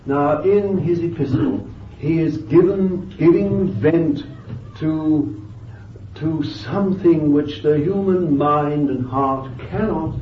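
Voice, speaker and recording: A man preaching a sermon with fervent emphasis, moving between loud bursts and quiet asides, thinking aloud with restarts and "you see.". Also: on the high side, slow pace, far from the mic, slight background noise. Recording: dull, lo-fi, echoey and off-mic.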